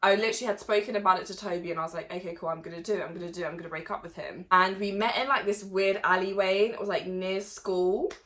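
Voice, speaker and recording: A young woman telling a personal story to camera in a chatty, animated way, with laughs and sudden loud bursts. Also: medium pitch, quick pace, hardly any pauses. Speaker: vlogger.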